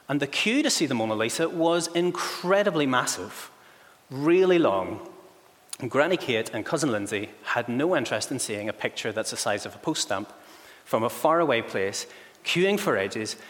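A man preaching a sermon in a lively, humorous storytelling style, acting out the voices of the people in his stories. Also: mid-range voice. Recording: long echoey hall reverb.

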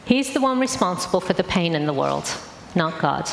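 A woman's voice: fairly low pitch, sing-song, moderate pace, creaky, a little hiss or hum. A woman giving a talk as guest speaker at a church, conversational and earnest, with frequent "um"s. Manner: warm conversational preaching with many fillers. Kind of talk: sermon talk. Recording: echoey hall, faint ambience.

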